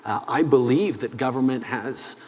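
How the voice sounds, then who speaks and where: A man gives measured interview answers, stopping often on "uh" as he builds his points. His voice sits in a middle pitch. The sound carries a long reverb, as if in a large hall. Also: a little mellow. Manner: measured, with frequent "uh" pauses. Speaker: head of government being interviewed.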